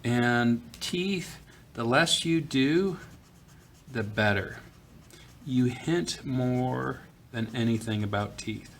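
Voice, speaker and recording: A man of middling pitch talks through a drawing lesson in an easygoing way, thinking aloud with fillers while he sketches. A faint hiss of room noise sits under his voice, recorded at a school desk. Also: takes it slowly. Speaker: art teacher. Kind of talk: drawing tutorial narration. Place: school office.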